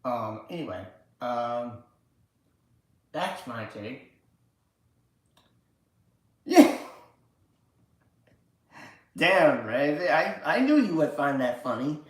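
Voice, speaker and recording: A man's voice: mid-range voice, big pitch swings, slow pace. A man hosting a casual livestream, rambling and swearing with lots of filler words. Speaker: livestream host. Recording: very echoey room.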